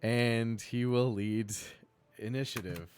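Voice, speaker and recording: A man narrating as dungeon master in a live tabletop game, painting scenes vividly and breaking off for quick rules asides. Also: medium pitch, a little mellow, smooth, faint music behind.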